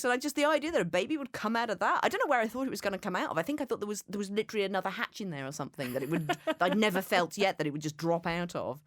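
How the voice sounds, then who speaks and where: A woman's voice: medium pitch, animated, racing, few pauses, a bit bright, dry recording, clean studio sound. A woman, a podcast guest, telling candid, self-deprecating stories in casual conversation.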